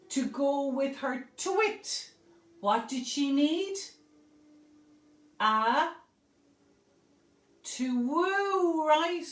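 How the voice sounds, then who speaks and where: A woman's voice: high voice, fairly bright tone, echoey room, far from the mic. A woman reading a picture book aloud to preschool children, asking them questions and praising their answers. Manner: slow, sing-song, asks children questions and praises them.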